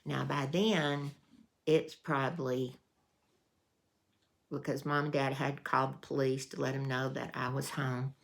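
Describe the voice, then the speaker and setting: With a bass, gravelly voice and a level tone, a woman vlogger speaks unhurriedly, leaving long pauses. Her casual storytelling is folksy and meandering, with frequent fillers and restarts.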